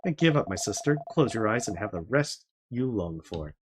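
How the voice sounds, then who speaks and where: A man's voice: fairly low pitch, fairly quick, noisy background, natural voice. A man doing a pompous villain sorcerer. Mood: coaxing. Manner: pompous, commanding. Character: scheming grandiose male villain sorcerer. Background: game music.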